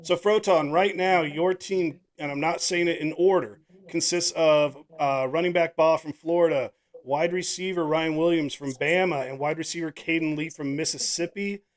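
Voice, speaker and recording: A man running a live fantasy football draft over a video call, keeping up a loose, casual patter. His voice sits a little high and he laughs easily at his own mix-ups while he sorts out the screen. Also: fairly even intonation, moderate pace. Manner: casual, self-deprecating, laughs often. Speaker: podcast host and league commissioner. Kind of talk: live draft stream chat. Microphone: online video call.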